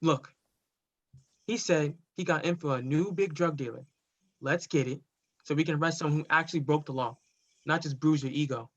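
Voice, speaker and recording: A man's voice: a little high, moderate pace, long pauses, a bit bright. A man reading the part of a blunt, stubborn young police officer in a play reading over a video call. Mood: firm. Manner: blunt, argumentative. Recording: dull lo-fi video call audio.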